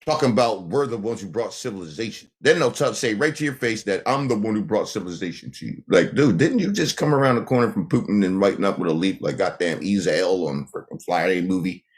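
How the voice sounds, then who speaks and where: A man's voice: fairly low pitch, expressive, fast talker, hardly any pauses. A man hosting a casual livestream, talking brashly in slang and laughing often. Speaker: livestream host.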